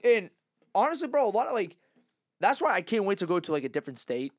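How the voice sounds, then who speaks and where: Lively, high-voiced young man. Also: fast, no echo, studio quality. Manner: animated, swears a lot, slangy. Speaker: podcast co-host. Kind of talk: casual chat.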